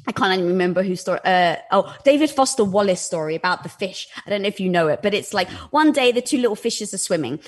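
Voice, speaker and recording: A woman guest talks fast with few pauses in a medium-pitched voice. She's candid, animated, and lively in conversation, peppering her speech with "like."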